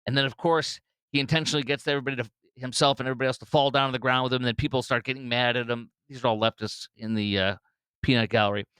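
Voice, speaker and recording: Scornful rambling male commentator, smooth dry voice. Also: medium pitch, steady tone, rapid-fire, sharp tone, dry recording. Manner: scornful, rambling, frequent fillers. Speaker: podcast host. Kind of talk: political commentary.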